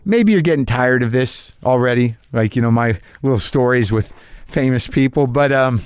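A middle-aged man delivers a casual solo podcast monologue, wandering through his thoughts with lots of fillers and false starts. His voice sits at an ordinary pitch for a man. The sound is dry, with no room echo. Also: normal speed, clear, resonant tone. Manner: rambling, self-deprecating, many restarts and fillers. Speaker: podcast host.

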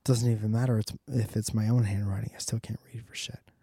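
A man's voice: lowish voice, fairly even intonation, fairly quick, creaky, dark tone, breathy edge, no echo, clean studio sound. A man doing a rambling, profane comedic monologue with joking asides.

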